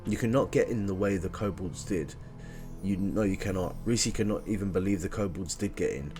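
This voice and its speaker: A man's voice: sits low, fairly quick, over music, close to an everyday voice. A man voicing a small, childlike female guardian creature who talks about herself by name in broken grammar. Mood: indignant chatter.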